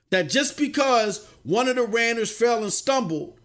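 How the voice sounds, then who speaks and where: At normal speed, a gaming news livestream host rants in a casual, slang-heavy way, lurching between quiet muttering and shouting.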